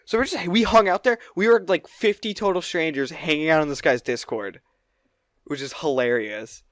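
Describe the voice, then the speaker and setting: Excitable, rambling podcast co-host, man. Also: a little high, moderate pace, no room sound. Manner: rambling, excitable, swears a lot. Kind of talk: casual chat, storytelling.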